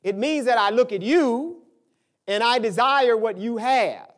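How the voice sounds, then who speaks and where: Older pastor, high voice, very animated sermon delivery with dramatic swings. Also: male voice, a little slow. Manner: animated preaching, swinging from low asides to high emphatic peaks.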